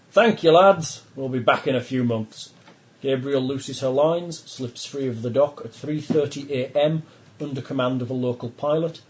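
Mellow-voiced male game master. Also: medium pitch, poor audio. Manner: steady storytelling narration. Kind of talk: narrating a tabletop game.

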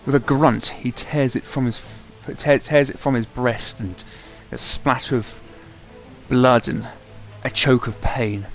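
A man's voice: mid-range voice, steady tone, a little slow, faint music behind. A man as game master of a tabletop game, narrating and correcting himself mid-sentence.

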